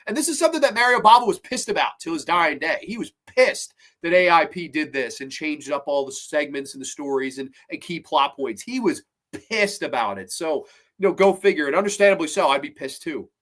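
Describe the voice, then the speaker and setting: Male horror film reviewer, fairly high voice, rambling and excited, swears casually.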